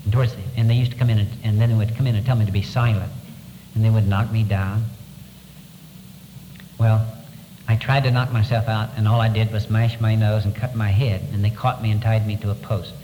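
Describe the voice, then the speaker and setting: A man giving a first-person testimony to an audience, telling his story in an earnest, halting way, his voice sinking low at the hardest moments. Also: flat delivery, long reverb tail, muffled recording, background noise. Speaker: former prisoner of war giving testimony.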